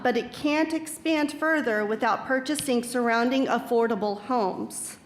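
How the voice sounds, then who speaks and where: Woman reading her written statement at city council, kinda high voice, formal, echoey room. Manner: measured, formal, reads with small stumbles. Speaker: public commenter.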